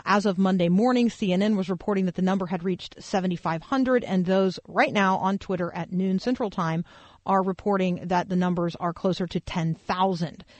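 A woman's voice: mid-range voice, dry recording. Chatty woman hosting a faith talk show. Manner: conversational, many fillers, thinks aloud. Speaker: radio talk show host. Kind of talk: faith-based news commentary.

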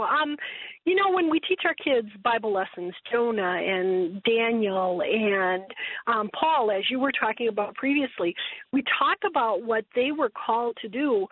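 A woman's voice: on the high side, dry recording. An older woman who is a grandmother, calling into a radio show and speaking thoughtfully and steadily. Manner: thoughtful, steady, asks questions aloud. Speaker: caller. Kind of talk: call-in question on a radio show. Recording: dry, tinny phone line.

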